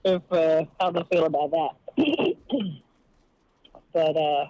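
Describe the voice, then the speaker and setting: A cannabis activist phones a podcast from her job, her low-pitched, dark-toned voice very animated yet slow. It's a casual call full of fillers and little laughs as she hesitates and thinks aloud; the line sounds dull, with no echo.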